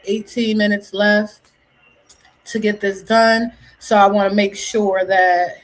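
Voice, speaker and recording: A woman's voice: mid-range voice, poor audio. A woman hosting a casual livestream, chatty and hyped, greeting her viewers by name. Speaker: livestream host.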